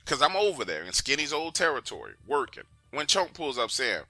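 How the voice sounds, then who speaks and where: A man's voice: medium pitch, huge pitch swings, a little fast, few pauses, pushed and bright, no room sound, soft background music. A man narrating a true story in an emphatic, conversational way, often urging the listener to pay attention.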